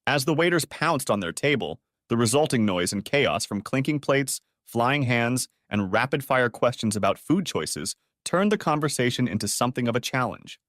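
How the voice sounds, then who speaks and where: A man narrating a story audiobook in a steady, even storytelling manner. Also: medium pitch, normal speed, hardly any pauses, no room sound, studio quality.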